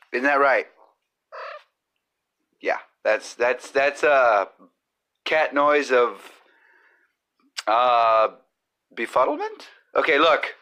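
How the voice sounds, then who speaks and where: Slow, bright-voiced, foul-mouthed comic host. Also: male voice, mid-range voice. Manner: profane, rambling and jokey. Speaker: podcast host. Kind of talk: crude comedic monologue. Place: home kitchen with cooking going on.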